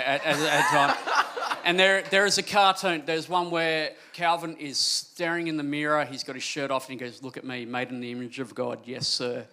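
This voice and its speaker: A man's voice: fairly high pitch, background noise. A man on a comedy panel who tells jokey stories in a loose, rambling way. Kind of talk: panel discussion.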